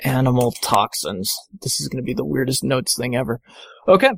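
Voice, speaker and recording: A man's voice: medium pitch, fairly quick, creaky, slight background noise. A man narrating as game master of a tabletop game, rambling with lots of fillers and self-corrections.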